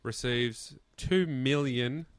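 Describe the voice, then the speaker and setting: A man's voice: mid-range voice, slow, clear, resonant tone, no room sound. A man co-hosting a casual podcast, putting dry, joking questions to the others. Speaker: podcast co-host. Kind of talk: casual chat.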